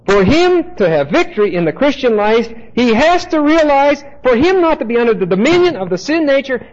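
A man teaching a sermon from the Bible, insistent and emphatic, turning to his listeners with asides. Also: very high voice. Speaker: preacher. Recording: dull lo-fi tape recording.

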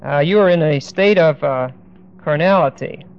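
A man teaching a verse-by-verse Bible lesson, speaking deliberately and with emphasis, stopping now and then to look up verses. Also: fairly high pitch, smooth. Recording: dull lo-fi recording.

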